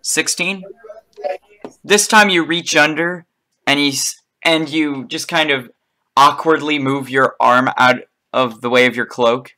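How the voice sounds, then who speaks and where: A man narrating a tabletop game as game master, unhurried and a little hesitant. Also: fairly high pitch, fairly even intonation, sharp tone.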